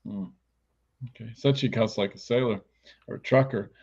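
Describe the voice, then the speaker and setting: A man's voice: lowish voice, moderate pace, vocal fry, a little mellow, breathy edge. Blunt, foul-mouthed man reading cards. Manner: blunt, casual and heavily profane. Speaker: psychic card reader. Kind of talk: live online tarot reading. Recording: dull lo-fi stream audio.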